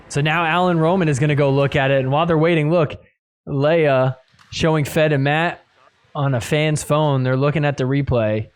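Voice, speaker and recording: A man's voice: on the high side, normal speed, clean tone. A man hosting a podcast, recapping match clips and acting out the players' reactions. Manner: animated, acts out players' reactions. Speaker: podcast host.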